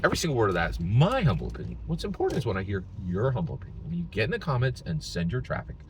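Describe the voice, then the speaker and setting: Brief: man from Philadelphia, opinion vlogger, lively swooping delivery, keeps asking "right?", faint background noise. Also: medium pitch, racing. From Philadelphia, United States. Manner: emphatic, tags lines with "right?"; repeats and restarts phrases. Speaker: political commentary vlogger. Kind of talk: casual opinion commentary.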